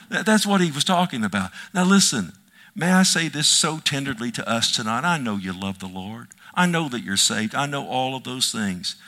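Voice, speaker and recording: A man's voice: medium pitch, sharp tone. A man preaching a sermon as pastor, with emphatic delivery and frequent rhetorical questions to the congregation.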